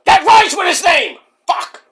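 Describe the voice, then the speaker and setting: A man voicing a hot-tempered male wrestler ghost who shouts and rants, then quickly apologizes. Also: extremely high pitch, creaky, very noisy, pitched above the performer's own voice. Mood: angry.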